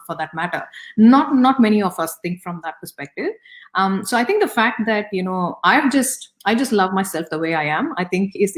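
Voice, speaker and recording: A middle-aged woman with an Indian accent, speaking as an interview guest in a reflective, conversational way with many fillers and restarts. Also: fairly low pitch.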